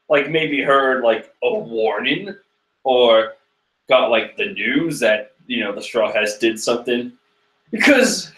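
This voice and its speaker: Chatty young man, bright voice. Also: on the high side. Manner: chatty, rambling, with frequent fillers. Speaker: manga reaction host. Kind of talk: casual reading and reacting. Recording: echoey room.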